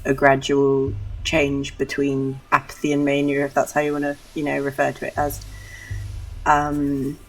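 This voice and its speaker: A woman's voice: rumbling low, completely flat delivery, moderate pace, far from the mic, faint music behind, low-quality recording. A woman streamer giving casual, rambling gameplay commentary, musing aloud and apologizing for herself. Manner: rambling, musing, self-deprecating. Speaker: game streamer.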